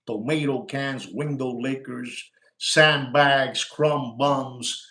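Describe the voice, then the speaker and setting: Brash bilingual watch dealer, echoey room. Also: male voice, mid-range voice, fairly even intonation. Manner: brash, rapid switching between English and Spanish slang; repeats lines and shouts for likes. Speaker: watch dealer hosting a live stream. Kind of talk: casual live-stream sales talk.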